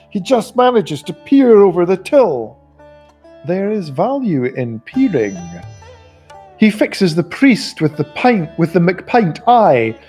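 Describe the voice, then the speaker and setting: A man reading a novel aloud in a live reading, expressive and giving the characters voices. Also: a little high. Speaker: audiobook reader.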